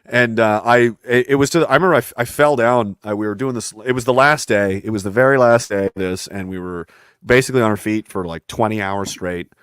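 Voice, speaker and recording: A fast, driven man in a casual talk, his voice sitting a little low. He rambles with intensity and slips into quoted voices as he tells stories. The sound is dry and close to the mic. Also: fairly bright tone, clean tone, no room sound. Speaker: podcast guest. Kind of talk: casual conversation.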